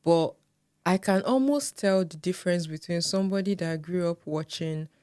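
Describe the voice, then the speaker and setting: A young Nigerian woman with a Nigerian accent, co-hosting a podcast in relaxed casual chat, often murmuring agreement. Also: fairly low pitch, normal speed, smooth, no room sound, clean studio sound. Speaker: podcast co-host.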